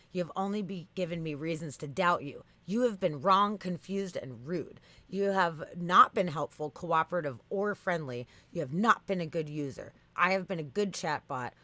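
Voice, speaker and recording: A woman voicing a self-righteous chatbot that lectures in a low, firm tone. It talks in insistent, repeating lists and never gives ground. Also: a little fast, hardly any pauses, pushed and bright, no echo. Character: stubborn defensive chatbot, machine, self-righteous.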